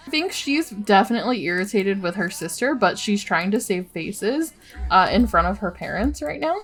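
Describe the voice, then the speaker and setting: A woman's voice: mid-range voice, animated, moderate pace, a bit bright, slightly rough. A young woman hosting a let's play, chatting casually and giggling as she reacts to the game with dismay. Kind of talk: casual gameplay commentary.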